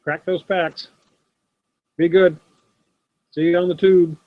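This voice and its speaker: Slow and high-pitched with little pitch movement, this middle-aged man's voice carries no room sound. He hosts a live sports card stream from his home desk, casually answering viewers by name, picked up on a laptop's built-in camera mic in dull, dry audio.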